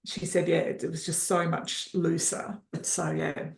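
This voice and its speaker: A woman's voice: low-pitched, little pitch movement, measured pace, gravelly, reverberant. A woman on a coaching call as the client, agreeable and easygoing, answering with many yeahs. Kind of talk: casual chat on a coaching call.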